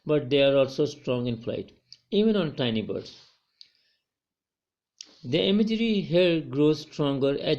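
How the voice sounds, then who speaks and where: A man's voice: medium pitch, a little mellow, muffled recording. A male college English teacher giving a recorded poetry lecture to students, often repeating and correcting his words as he explains.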